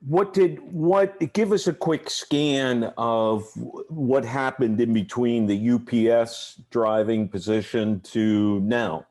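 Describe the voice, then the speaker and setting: A man's voice: mid-range voice, takes it slowly, hardly any pauses, darkish tone. A man hosting an interview, asking friendly questions and often restarting his sentences. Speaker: interview host. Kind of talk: conversational interview.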